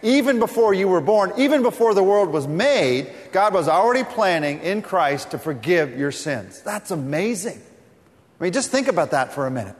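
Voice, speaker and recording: Male pastor, slightly high voice, emphatic scripture teaching, hall reverb. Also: sing-song, moderate pace. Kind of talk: sermon.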